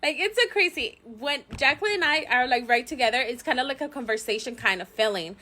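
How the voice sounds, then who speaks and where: A mother vlogging to camera, telling a story in a chatty, animated way with many fillers and frequent laughter. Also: high voice, brisk.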